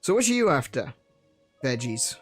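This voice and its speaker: A man's voice: medium pitch, very animated, normal speed, slightly rough, faint music behind, voice pushed down. Man reading as a plain-spoken village farmer. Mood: matter-of-fact. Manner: reading game dialogue aloud, attempting a rural accent.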